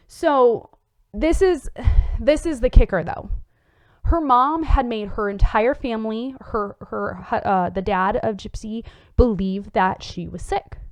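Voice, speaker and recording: A woman's voice: on the high side, no room sound. A woman hosting a psychology show, explaining in an earnest, casual way with many fillers and restarts.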